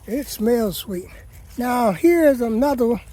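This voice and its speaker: A gardening vlogger with a very high, warm voice ambles through his vegetable plot, chatting in a folksy way and addressing his audience as "people." His intonation is lively, yet he takes things slowly.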